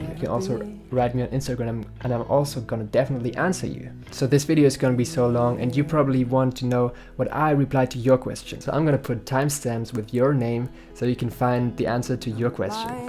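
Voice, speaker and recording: A young man talks to his viewers in a chatty, joking way, reading out their comments and answering each one. His voice sits at an average pitch for a man, and soft guitar music plays quietly underneath. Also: steady tone, fast, few pauses. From Germany. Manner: chatty, upbeat, jokey, reads out comments. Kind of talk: casual Q&A vlog. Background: faint guitar music.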